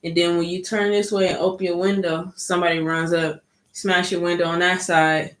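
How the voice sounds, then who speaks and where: A woman's voice: fairly low pitch, little pitch movement, moderate pace. Chatty woman in an echoey room. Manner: chatty, full of "like" and "you know". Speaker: vlogger. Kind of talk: casual storytime.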